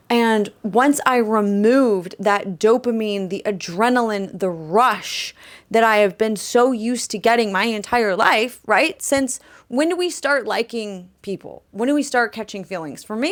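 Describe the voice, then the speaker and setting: A young woman musician talking candidly in her bedroom for a vlog, chatty and rambling, with frequent fillers and restarts. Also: a little high. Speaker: vlogger and musician.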